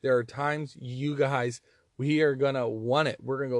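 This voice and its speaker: Man, southern accent, mid-pitched voice, earnest bible teacher, dry close sound. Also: moderate pace, dry recording. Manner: earnest, animated, repeats words when emphasizing.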